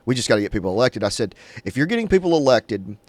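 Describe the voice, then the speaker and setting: A male interviewer speaking slowly and deliberately, drawing out key words in a political conversation. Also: medium pitch, very animated, darkish tone, no echo.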